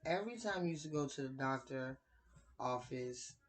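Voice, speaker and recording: A woman in her late thirties sharing her opinions in a casual vlog, speaking in a deliberate, conversational way with playful dramatic asides. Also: very deep voice, animated, low-quality recording. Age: 30s. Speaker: vlogger.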